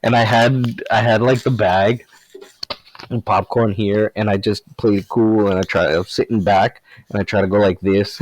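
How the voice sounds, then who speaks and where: A man's voice: lowish voice, steady tone, normal speed, dry recording, poor audio. Laughing man telling a story. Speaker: former web series cast member. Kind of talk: casual chat.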